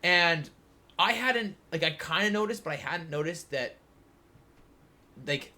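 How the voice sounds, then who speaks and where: Young guy rambling thru a story on a podcast, kinda high voice, says like a lot. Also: lively intonation, measured pace, sharp tone. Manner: rambling, filler-heavy anecdote telling. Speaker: podcast co-host. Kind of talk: casual storytelling chat.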